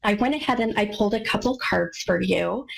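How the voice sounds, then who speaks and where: A woman's voice: mid-range voice, a little fast, creaky, low-quality recording. An American woman hosting a live call-in psychic radio show, talking in an effusive, gushing way with many fillers. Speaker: radio psychic medium host.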